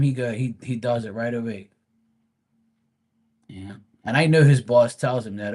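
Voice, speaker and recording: A man's voice: medium pitch, moderate pace, pauses often, darkish tone. A man hosting a live stream, telling a casual story in a blunt, profane, rambling way.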